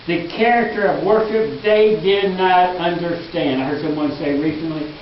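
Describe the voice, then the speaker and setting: A male pastor preaching a sermon in a church, earnest and emphatic, dropping into quiet asides. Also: sits high, moderate pace, a little hiss or hum. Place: church sanctuary. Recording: echoey hall, distant mic, dull lo-fi.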